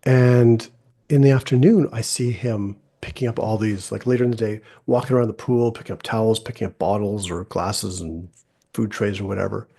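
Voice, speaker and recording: A man's voice: on the low side, normal speed, dark tone, breathy edge. A middle-aged man, a podcast host, telling a personal story in a casual, conversational way and acting out quoted dialogue.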